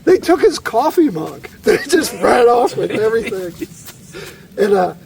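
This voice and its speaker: Middle-aged man, high voice, gravelly, animated storyteller, laughs a lot. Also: measured pace, crowd noise. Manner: animated storyteller, laughs often, many restarts. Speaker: podcast guest, bicycle tourer. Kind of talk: casual storytelling.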